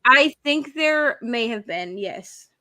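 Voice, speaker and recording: A woman's voice: fairly high pitch, animated, slow pace, pushed and bright. A woman co-hosting a reading livestream, chatting casually and giving blunt opinions. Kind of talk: casual chat.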